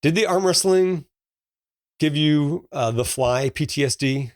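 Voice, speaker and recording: A man's voice: on the high side, unhurried, dry recording, clean studio sound. A man in his forties co-hosting a podcast, chatting casually about a movie in a storytelling way with plenty of fillers and laughs. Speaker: podcast co-host. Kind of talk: casual movie review chat.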